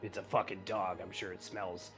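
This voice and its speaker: A man voicing a tall, gruff male hired guard who answers in short, dismissive lines. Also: low-pitched, little pitch movement, moderate pace, faint music behind, pitched below the performer's own voice, close to an everyday voice. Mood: curt.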